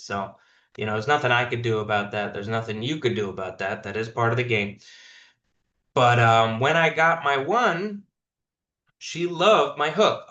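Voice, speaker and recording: On a video call with his team, a sales manager with a bright, pushing voice coaches them through a phone pitch, directly repeating points for emphasis. His audio sounds roomy and somewhat dull, as if picked up from across the room during the online meeting.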